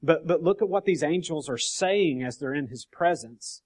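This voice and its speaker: A man's voice: on the high side, animated, moderate pace, hardly any pauses, a little mellow. Man teaching a casual Bible study. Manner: conversational, frequent "okay?" check-ins and restarts.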